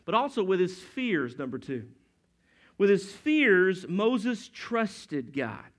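A man's voice: high-pitched, very animated, slow pace. A middle-aged man preaching a sermon as pastor, in a conversational, storytelling way that acts out quotes.

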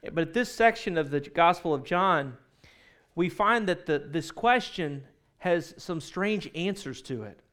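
A man's voice: on the high side, animated, measured pace, a bit bright. A male pastor preaching a sermon in a conversational storytelling manner, often correcting himself mid-sentence.

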